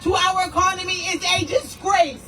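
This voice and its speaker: An American woman city councilor giving an angry, forceful protest speech, repeating lines for emphasis. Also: very high-pitched, steady tone, normal speed. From United States. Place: outdoor rally. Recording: distant mic with faint noise.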